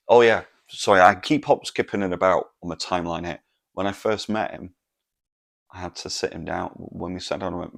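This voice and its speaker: A man's voice: low-pitched, fairly quick, gravelly. A man, telling a rambling, sweary story on his podcast. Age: 40s. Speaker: podcast host. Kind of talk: casual storytelling monologue.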